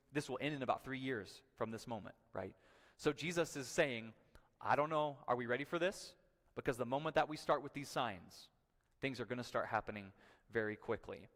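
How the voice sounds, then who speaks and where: A man gives a sermon in a middle-pitched voice, talking as if to friends and tossing in quick "right?" asides as he explains. His words carry a long reverb, as if he were preaching in a large church hall. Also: fairly bright tone. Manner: conversational teaching with frequent "right?" asides. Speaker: pastor. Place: church sanctuary.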